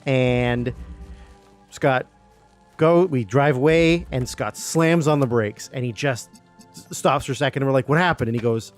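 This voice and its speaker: A man tells a rambling story in a casual, conversational way, leaning on fillers like "like" and "you know." Faint music plays softly behind him. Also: mid-range voice, moderate pace. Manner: rambling anecdote with many fillers and acted quotes. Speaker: guest.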